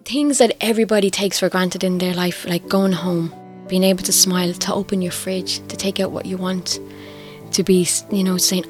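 Low, flat-voiced Irish woman. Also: normal speed. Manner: candid, reflective, quietly emotional. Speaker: interviewee. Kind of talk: personal testimony. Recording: faint music underneath.

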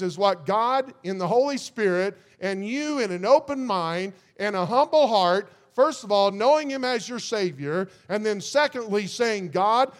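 A man preaching a sermon in a church, repeating phrases as he builds and often restarting his words. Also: high-pitched. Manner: repetitive call-and-response build, stammering restarts. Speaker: pastor.

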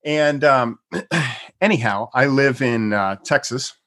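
A man's voice: mid-range voice, lively intonation, fairly bright tone. Rambling man from Pennsylvania telling a story. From Pennsylvania, US East Coast. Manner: rambling, halting, chuckles often while telling. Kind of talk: casual personal storytelling.

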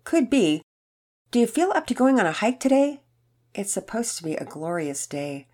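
A woman's voice: a little high, big pitch swings, moderate pace, a little mellow, pitched above the performer's own voice. A woman doing an eager family dad. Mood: gentle. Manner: eager and exclaiming. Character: sleepy, enthusiastic family dad.

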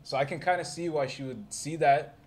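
A man's voice: a little high, fairly quick. A man co-hosting a podcast, reasoning earnestly through a point in a casual group chat. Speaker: podcast co-host.

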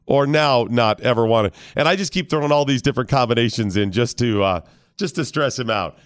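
A man's voice: mid-range voice, brisk, clear, resonant tone, no room sound, clean studio sound. A middle-aged man hosting morning radio, telling family stories in casual banter and acting out the people he quotes. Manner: storytelling with animated voices for quoted people. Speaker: radio show host.

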